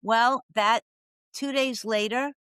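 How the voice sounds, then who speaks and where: A woman's voice: fairly high pitch, steady tone, slow, fairly bright tone, clear, resonant tone, no echo. Dramatic New woman storyteller. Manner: dramatic storyteller acting out quoted voices. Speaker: podcast guest, professional coach. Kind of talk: storytelling interview.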